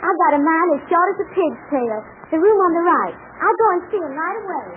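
A flustered young nurse, kind and breathless, with a very high voice. It comes through a scratchy, tinny 1940s radio broadcast with faint hiss. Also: female voice, expressive, quick pace.

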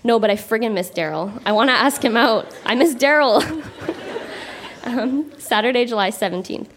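Young woman, stage reader of her teen diary, light high voice, keeps laughing at herself. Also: lively intonation, moderate pace, fairly bright tone, slight background noise. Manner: amused, breaking into laughter between entries. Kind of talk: reading her childhood diary aloud. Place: live stage before an audience.

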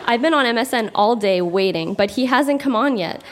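A young Canadian woman stands on a theatre stage reading her teenage diary aloud, her voice sitting a little high. She keeps breaking into laughter between entries. A faint hiss runs underneath. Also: animated, slow, long pauses. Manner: amused, breaks into laughter often. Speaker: guest reader.

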